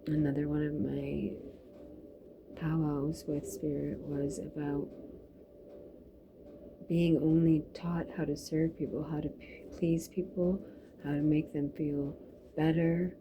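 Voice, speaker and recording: A woman's voice: low-pitched, dull audio, a little hiss or hum. A woman talking in a loose, free-associating spiritual monologue, drifting from thought to thought.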